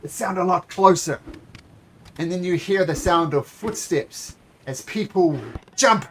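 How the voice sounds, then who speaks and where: A man's voice: sits high, slight background noise. A man running a tabletop game as game master, narrating scenes with frequent fillers and restarts. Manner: descriptive, halting with fillers and restarts.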